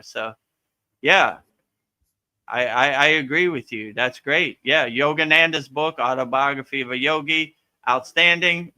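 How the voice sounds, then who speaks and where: Man, spiritual teacher on a live Q&A; very bright, ringing tone, casual and animated delivery. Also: mid-range voice. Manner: casual, animated, frequent "you know" and "right?"; acts out voices playfully.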